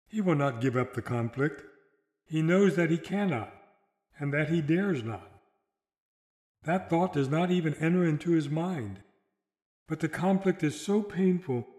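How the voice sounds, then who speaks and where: A man delivering a sermon in a solemn, measured way, slowing down for dramatic quotations. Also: on the high side, a little mellow, echoey room. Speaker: preacher.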